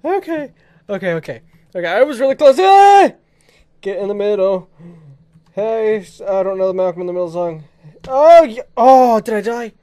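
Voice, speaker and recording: A young man giving excited let's-play commentary, giggly and bursting into shrieks and laughter. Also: high voice, normal speed. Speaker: gaming video creator.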